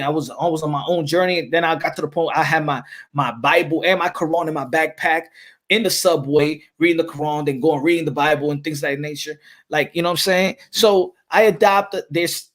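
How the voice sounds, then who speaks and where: Rambling New York man, higher voice. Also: a little fast, fairly bright tone. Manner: rambling, many restarts and "you know what I'm saying". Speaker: boxing channel host. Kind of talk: casual chat.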